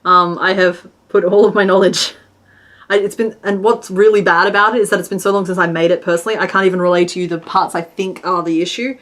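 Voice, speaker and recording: A woman with a slightly low voice chats loosely while she crochets on a live stream. She rambles, restarts her sentences and drops to a mutter when she counts stitches. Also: steady tone, quick pace, a bit bright. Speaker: crochet streamer and pattern designer.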